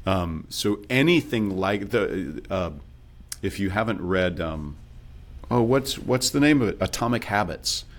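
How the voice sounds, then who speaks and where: Deep-voiced man coaching on accents. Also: measured pace. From based in Texas. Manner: relaxed, explanatory, acts out quoted self-talk. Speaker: accent and dialect coach, guest. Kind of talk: casual interview talk.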